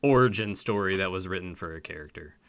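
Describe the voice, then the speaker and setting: A man with a slight Southern US accent co-hosts a podcast in animated, casual chat. His low voice is bright and crisp. The recording is dry, with no room sound. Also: fast talker, no room sound. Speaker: podcast co-host.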